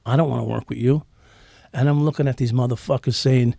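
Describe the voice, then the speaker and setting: A man's voice: medium pitch, fairly even intonation, fairly quick, vocal fry, dark tone, no room sound, clean studio sound. A middle-aged man, a former cop telling stories bluntly and profanely in an interview, acting out what people said. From New York. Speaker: interview guest, former police officer. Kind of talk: candid storytelling in a podcast interview.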